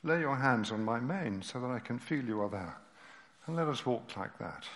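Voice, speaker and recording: A man reading aloud, voicing a great, gentle lion who is tired and sad. He speaks slowly and softly in a grave tone, in a church with a long reverberant echo. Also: mid-range voice, expressive. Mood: sorrowful. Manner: slow, soft and grave. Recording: reverberant hall.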